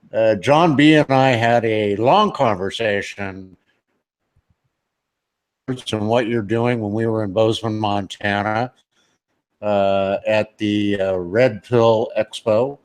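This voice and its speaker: Slow, stammering radio host, male. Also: on the low side. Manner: halting, stammering, friendly. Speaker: talk show host. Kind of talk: casual radio interview.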